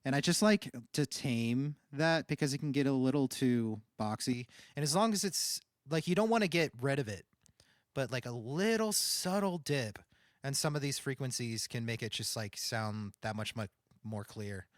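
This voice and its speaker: Male streamer, nasal, mid pitch, rambling and casual, very dry close studio mic. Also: normal speed, dry recording. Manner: rambling, thinking aloud with restarts. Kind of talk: casual livestream talk about audio setup. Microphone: condenser studio microphone.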